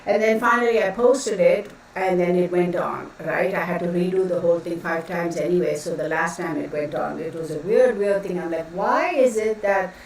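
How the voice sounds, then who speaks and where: A woman with a lowish voice hosts a tarot live stream, talking a little fast with few pauses as she rambles chattily and greets viewers by name in casual chat. She sits far from the mic in a very echoey room at home, where a fan runs faintly in the background.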